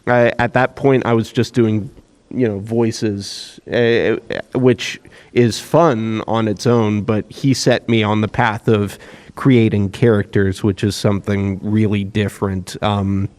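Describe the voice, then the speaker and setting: Joking young-sounding voice actor on panel. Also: male voice, fairly low pitch, flat delivery, darkish tone. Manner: joking, quick laughs, restarts. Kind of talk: casual panel chat. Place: convention panel room.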